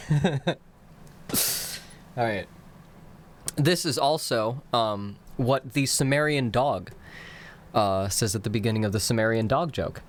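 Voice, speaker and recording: Male streamer-teacher, unhurried and patient, glossing phrases word by word, keyboard clatter underneath. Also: mid-range voice. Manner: slow, explanatory, breaks words into literal glosses. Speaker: conlang teacher streaming live. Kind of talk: casual live-streamed language lesson.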